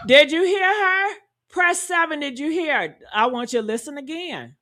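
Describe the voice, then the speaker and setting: A woman giving heated, profane reaction commentary, talking loudly and indignantly and calling out to her viewers. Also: high-pitched, expressive, moderate pace. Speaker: commentary streamer.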